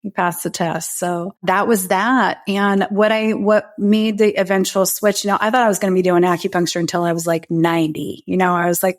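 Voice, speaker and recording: A woman's voice: lowish voice, little pitch movement, moderate pace, hardly any pauses. A woman guest in a podcast interview, telling a personal story in a heartfelt, emotional way and often restarting her sentences. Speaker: guest, breathwork facilitator.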